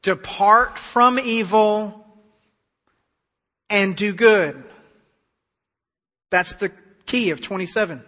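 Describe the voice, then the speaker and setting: A man preaching a sermon as pastor, emphatic, swinging between hushed stretches and loud declarations. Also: high-pitched. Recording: long hall reverb.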